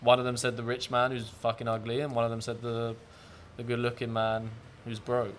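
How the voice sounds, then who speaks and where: A man's voice: medium pitch, completely flat delivery, a little fast, slight background noise. A man hosting a casual sit-down chat, frank and jokey, swearing freely. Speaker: podcast host.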